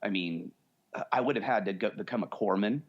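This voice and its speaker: A man's voice: on the low side, brisk. Guy in his 40s rambling thru a story on a podcast, slightly dull audio. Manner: rambling storyteller, acts out quoted voices. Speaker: podcast co-host. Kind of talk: casual chat.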